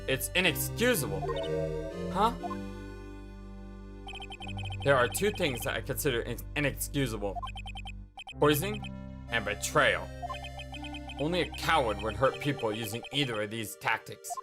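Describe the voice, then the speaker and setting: A woman voicing a cool, brooding man in a video game, speaking low, measured and grave. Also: lively intonation, music in the background.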